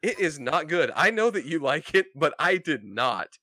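Bright, blunt male podcast co-host. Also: fairly high pitch, big pitch swings, moderate pace, no echo, clean studio sound. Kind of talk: casual chat.

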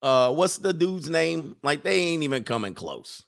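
A man's voice: a little high, very animated, unhurried, creaky. A man hosting a casual livestream, reading chat comments and giving emphatic opinions, often repeating phrases for effect.

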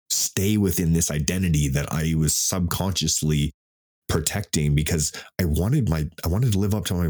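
A man's voice: very deep voice, a little mellow. A man in his fifties hosting a solo podcast, talking candidly and emotionally about his life, swearing freely and restarting sentences. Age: 50s. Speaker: podcast host. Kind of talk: solo reflective podcast monologue. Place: home desk in front of a computer.

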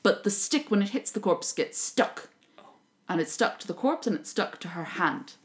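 A woman, casually retelling a folk tale on a chat podcast with a playful, lively manner. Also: medium pitch. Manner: lively, playful, puts on quick voices for characters.

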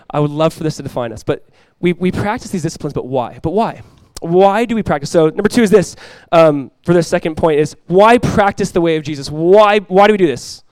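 A young adult man preaching a sermon as pastor, energetic and conversational, often restarting his phrases. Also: fairly high pitch, smooth, no room sound.

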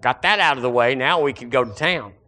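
A man preaching a sermon as pastor, animated and acting out the voices of his listeners. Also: medium pitch, a little fast.

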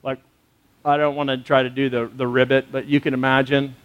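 A man's voice: mid-range voice, flat delivery, brisk, clear, resonant tone, muffled recording. A man preaching a sermon in a conversational way, asking rhetorical questions and using casual fillers. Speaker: pastor.

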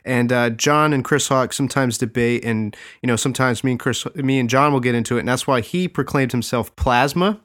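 A man hosting a podcast, chatting casually and laughing often, getting animated when he quotes people. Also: mid-range voice, brisk, hardly any pauses. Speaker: podcast host.

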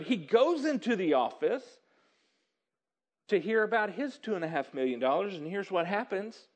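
A man preaching a sermon, telling a story with lively, animated delivery and acting out excited characters. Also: high voice, moderate pace. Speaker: pastor.

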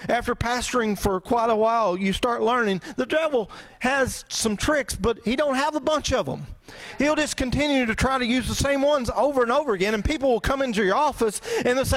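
A male pastor preaching a sermon in a conversational way, full of rhetorical questions. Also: very high-pitched. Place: church.

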